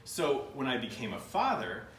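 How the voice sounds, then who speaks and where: Lively American man giving a keynote. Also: mid-range voice, moderate pace. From United States. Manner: storytelling with jokes and playful asides. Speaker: keynote speaker. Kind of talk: humorous live keynote talk. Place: conference room. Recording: roomy and distant with faint noise.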